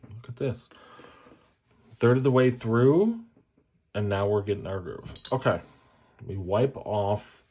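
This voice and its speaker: A man's voice: on the low side, lively intonation, slow, pauses often, mellow. A man chatting casually to viewers as he swatches fountain pen inks, cracking jokes and poking fun at himself. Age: adult, a parent. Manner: jokey, self-mocking, chatty asides. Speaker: fountain pen ink reviewer.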